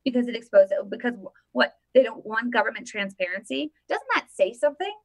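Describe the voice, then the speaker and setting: A woman with a voice pitched a little high hosts a casual live stream about politics. She talks in an animated, emphatic way and keeps repeating her points for effect. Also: fairly quick. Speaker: political commentary vlogger.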